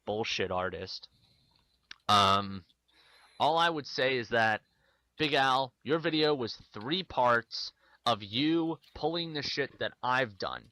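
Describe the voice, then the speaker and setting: A man's voice: lowish voice, sharp tone, rough recording. A man ranting in an angry vlog, defensive and swearing. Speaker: video maker ranting to the camera.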